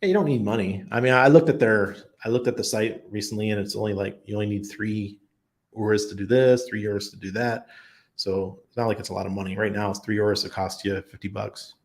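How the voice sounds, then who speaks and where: A crypto livestream host talks from his home in Panama, his voice fairly low and steady and his pace a little quick. He reads viewer comments aloud and answers them on the spot in a chatty, casual way.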